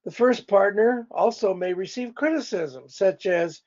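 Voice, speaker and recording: A man's voice: high-pitched, a little slow, hardly any pauses, a little mellow, lo-fi sound. A male pastor teaching a church couples class in a conversational way, speaking directly to the couples in the room.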